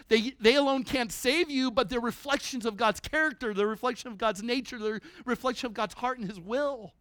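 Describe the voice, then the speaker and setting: A man preaching a sermon at a church service, animated and conversational, breaking into humorous asides. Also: very high-pitched, fairly quick, few pauses, dry recording.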